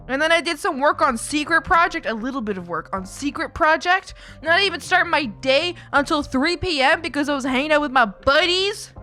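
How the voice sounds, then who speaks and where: A woman's voice: a little high, pushed and bright. A young woman from Canada chatting casually on a live stream, rambling, laughing often and swearing freely. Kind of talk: casual chat. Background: faint background music.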